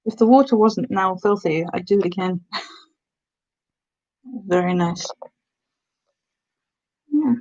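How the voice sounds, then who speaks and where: A woman's voice: mid-range voice, takes it slowly, pauses often, a little mellow. Woman streamer from the Black Country, chatty, answers chat between bits of giantess role-play, muffled lo-fi sound. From Black Country, England. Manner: chatty, answering viewers' comments. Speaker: ASMR streamer.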